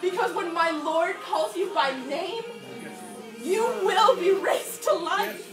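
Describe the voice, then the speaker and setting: A woman's voice: very high voice, slow. A woman performing a stage monologue as a grieving sister, impassioned and swinging between tears and laughter, in an echoey church heard from a distance. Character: grieving woman of Bethany mourning her brother. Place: church sanctuary. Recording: echoey church hall from far off, music behind.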